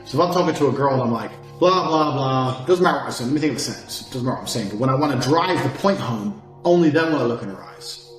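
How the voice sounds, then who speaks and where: Man, brash boastful lecturer, big swings in pitch and volume, roomy echo, faint music under. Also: animated, rapid-fire. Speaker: self-styled dating and communication coach. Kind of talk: profane monologue course.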